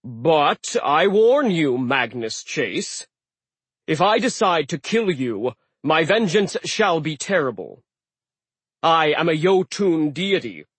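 A man's voice: on the high side, a bit bright, slightly rough, no room sound, voice pushed up, exaggerated voice. A man voicing an ancient male sea giant god who is vain, commanding and menacing. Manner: pompous, commanding.

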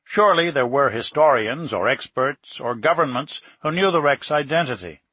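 A man reading a nonfiction story aloud in steady, measured scripted narration. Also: mid-range voice, slightly rough, no room sound. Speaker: audiobook narrator.

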